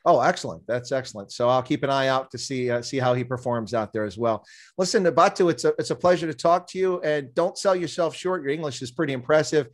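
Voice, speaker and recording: A man's voice: mid-range voice, fast talker. A man hosting a rugby interview show, asking questions in a chatty, friendly way. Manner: friendly, chatty, with frequent "uh" fillers. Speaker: podcast host, interviewer. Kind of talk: casual interview.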